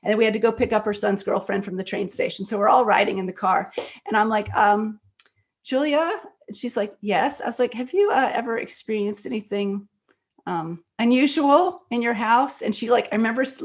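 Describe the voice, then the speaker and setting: A woman guest, an author and screenwriter, talking in an interview and telling stories quickly and animatedly, with many fillers. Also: fairly high pitch. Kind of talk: conversational interview storytelling.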